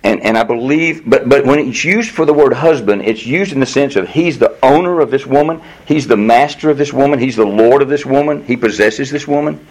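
A man's voice: medium pitch, fairly quick, hardly any pauses, low-quality recording. A man preaching a sermon as pastor, earnest and explanatory, often restarting his sentences.

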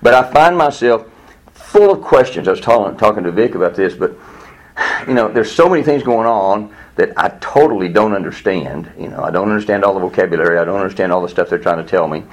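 An older man teaching a Sunday school class in an earnest, candid way, full of restarts and sudden high-pitched exasperation. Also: animated, fast. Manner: earnest, candid, many restarts, rising to high exasperated voices when quoting himself.

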